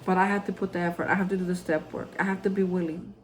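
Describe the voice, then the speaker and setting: A man giving a heartfelt daily reflection to viewers, rambling with restarts and ending in earnest, hushed encouragement. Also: high voice, little pitch movement, fast, slight background noise, rough recording. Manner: rambling, repeats and restarts, addresses viewers as folks. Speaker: recovery vlogger.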